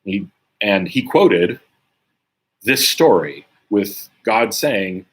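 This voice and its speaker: A man with a low, husky voice reads scripture and talks through it casually with a group. His delivery is lively and animated, rising and falling across a wide range. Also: very slow. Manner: conversational, frequent "right?" tags. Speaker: Bible teacher. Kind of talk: casual Bible study reading and commentary.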